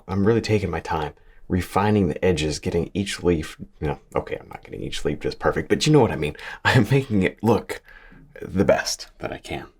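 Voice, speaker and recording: Brief: male painting teacher, very low gravelly voice, easygoing and encouraging, chuckles between steps. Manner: chatty, encouraging, chuckles often, talks while working. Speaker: painting instructor. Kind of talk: relaxed painting tutorial.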